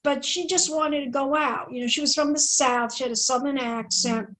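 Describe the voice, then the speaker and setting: A woman hosts the interview over a video call in a notably high voice. She rambles happily through long anecdotes and leans hard on her points as she tells them. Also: moderate pace, fairly bright tone, low-quality recording. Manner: talkative, rambling, emphatic storyteller. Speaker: interview host. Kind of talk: casual interview chat.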